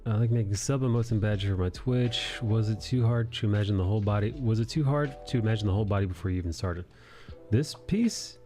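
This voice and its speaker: A man with a low, gravelly, mellow voice hosts a live art stream and talks loosely while he draws. He rambles and restarts, filling gaps with fillers. Soft music plays under his talk. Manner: rambling, halting, many fillers. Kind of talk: casual chat while drawing.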